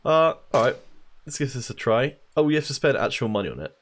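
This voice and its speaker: Guy doing chill gameplay commentary, jokey, animated voice. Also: medium pitch, fast talker. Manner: wry, joking asides. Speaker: let's play host.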